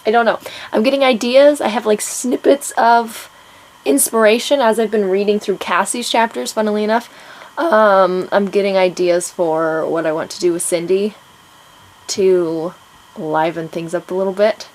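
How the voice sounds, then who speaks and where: A woman's voice: mid-range voice, fairly even intonation, moderate pace, poor audio. A woman writer chatting casually about her writing progress, rambling with plenty of ums and frequent laughs. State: out of breath. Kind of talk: casual chat to camera.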